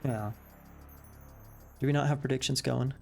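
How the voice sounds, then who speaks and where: Dude co-casting a game match, mid pitch, rambly with lots of ums, light music behind. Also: male voice, steady tone, normal speed, gravelly. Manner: chatty, musing, many fillers. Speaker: esports caster. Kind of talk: game commentary.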